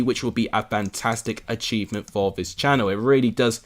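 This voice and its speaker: Speaking briskly with a fairly low pitch and barely pausing, a young English livestream host leads a live football watchalong. He chats casually and answers viewers' comments.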